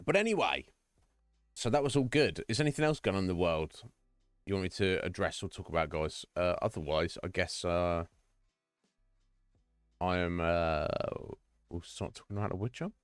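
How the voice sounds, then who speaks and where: A man's voice: deep voice, normal speed, pauses often, clean tone, no echo, studio quality, soft background music. A man chatting casually with viewers on a game stream, rambling with lots of fillers and restarts.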